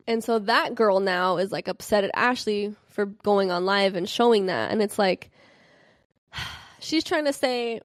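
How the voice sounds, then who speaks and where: A young adult woman hosting a casual podcast, telling gossip and stories animatedly and acting out quotes with big jumps in pitch. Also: normal speed, dry recording, clean studio sound. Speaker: podcast host. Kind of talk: casual chat about reality TV and celebrity gossip.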